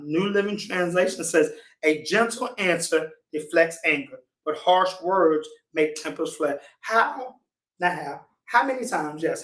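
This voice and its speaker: A man leads a church lesson, slow and deliberate, circling back to drive each point home. His voice sits high for a man. He is heard from a distance in an echoing room. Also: a bit bright. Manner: deliberate, repeats key points for emphasis. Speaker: church teacher. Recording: roomy echo, distant from the mic.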